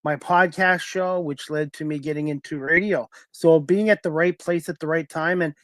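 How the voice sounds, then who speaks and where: A man hosting a talk show over a video call, asking guests steady, earnest questions. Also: a little high, normal speed, no room sound. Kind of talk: casual interview.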